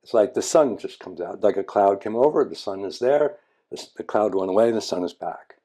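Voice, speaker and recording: A man's voice: lowish voice, animated, brisk, warm tone. A man quoting a blunt woman student. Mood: calm. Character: angry woman student recalling road rage.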